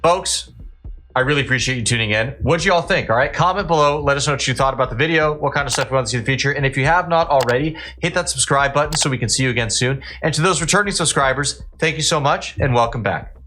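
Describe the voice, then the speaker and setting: A man's voice: medium pitch, fast, pushed and bright. A man hosting a political commentary show, talking in a blunt, indignant and sarcastic way.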